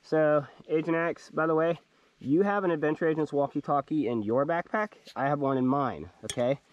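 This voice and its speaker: A man's voice: on the high side, moderate pace, no echo, dull audio. Chatty man hosting an outdoor vlog. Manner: upbeat, chatty, addresses viewers as agents. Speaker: vlog host. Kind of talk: casual outdoor vlog narration. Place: campsite and mountain trail outdoors.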